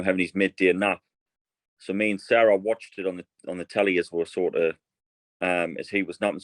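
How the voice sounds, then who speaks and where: A low-voiced man talks through a story in casual podcast chat. He is in his thirties, rambling and restarting as he goes. The recording is dry and close. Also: dry recording, rough recording. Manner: chatty storyteller, many restarts. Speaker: guest, fast bowler.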